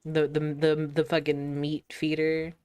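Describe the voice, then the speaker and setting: Casual woman streamer, low and clear voice, easygoing banter over gameplay. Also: monotone, measured pace, warm tone. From United States. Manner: chatty, laughs often, playful swearing.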